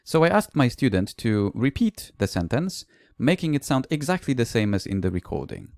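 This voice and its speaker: A man's voice: medium pitch, very animated, normal speed, a little mellow, no echo, studio quality. A man, a language teacher, giving a recorded conference presentation that mixes explanation with classroom anecdotes and the odd "uh".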